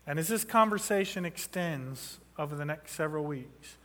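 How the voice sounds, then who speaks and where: A man's voice: on the high side, lively intonation, moderate pace, pushed and bright. A man in his thirties preaching a sermon, telling a story and building to impassioned emphasis. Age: 30s. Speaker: pastor. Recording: long reverb of a large hall.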